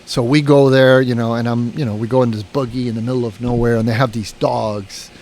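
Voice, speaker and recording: A man's voice: mid-range voice, fairly even intonation, a little fast, darkish tone, slight background noise. A man telling a long story in a casual podcast chat, rambling, swearing and restarting his sentences. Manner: rambling, profane, full of "you know" and restarts.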